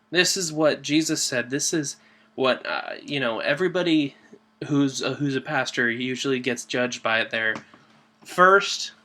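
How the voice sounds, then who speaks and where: Man, church devotional host; bright, forward tone, earnest and conversational, leans on key words. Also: mid-range voice. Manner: earnest, conversational with fillers and restarts. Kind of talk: informal devotional talk.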